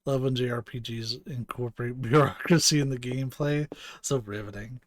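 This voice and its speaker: A man's voice: mid-range voice, fairly quick, dry recording. A man giving live gameplay commentary with dry, joking asides. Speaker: game streamer.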